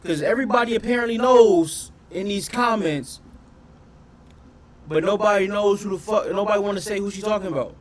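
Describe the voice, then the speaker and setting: A man doing casual reaction commentary on his channel, talking in an animated, profane way and often questioning his audience. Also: high-pitched, brisk, a crowd in the background. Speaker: reaction streamer.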